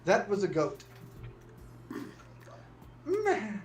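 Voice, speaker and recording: A man's voice: on the high side, moderate pace, over music. A man reading out quirky news stories on a casual show, stumbling and joking along the way. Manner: reads articles, stumbles and restarts, jokey asides. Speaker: news segment reader. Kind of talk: casual news read on a podcast.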